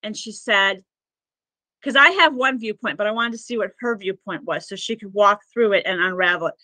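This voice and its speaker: Bright-voiced woman healer on a podcast. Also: medium pitch, moderate pace, no echo, rough recording. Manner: rambling and earnest, with many "like" fillers and restarts. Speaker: Akashic records practitioner and healer, podcast guest. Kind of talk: conversational podcast storytelling.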